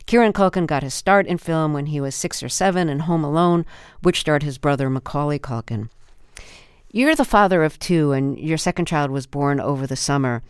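Woman radio host, measured formal delivery, smooth, close and dry. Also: low-pitched, animated, no room sound. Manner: measured, formal questions and introductions. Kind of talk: scripted radio interview.

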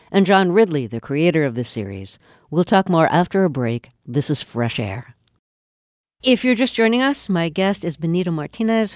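A woman hosting a radio interview show, measured and gently amused as she introduces guests. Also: low voice, no room sound, clean studio sound. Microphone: studio microphone.

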